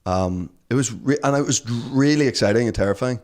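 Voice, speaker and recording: A man's voice: mid-range voice, fairly quick, a little mellow. A man in his forties with a Northern Irish accent, a guest telling rambling, self-deprecating stories in a casual interview. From Northern Ireland.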